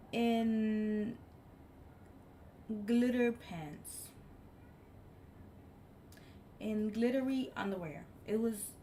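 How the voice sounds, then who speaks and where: A woman live streamer telling a story in casual chat, blunt and animated, swearing freely. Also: fairly high pitch, slight background noise.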